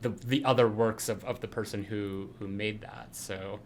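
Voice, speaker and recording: A man's voice: fairly low pitch, steady tone, normal speed, a little hiss or hum. A man co-hosting a podcast in casual chat, rambling with lots of fillers and frequent laughs. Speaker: podcast co-host.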